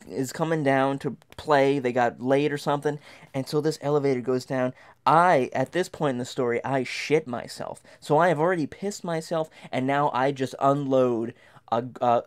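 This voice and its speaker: A man spinning a comic story, playing up the suspense. His voice sits at an ordinary middle pitch, and he swings between hushed whispers and loud, rushed outbursts. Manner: dramatic, dropping to whispers and rising to near shouts.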